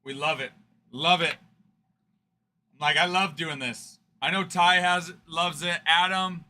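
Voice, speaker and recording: Male stream host, chatty banterer, brilliant bright tone, a touch high. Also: steady tone, takes it slowly. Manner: chatty, teasing banter, fond of the word 'frickin''. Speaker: card-breaking livestream host. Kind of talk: casual livestream chat with viewers.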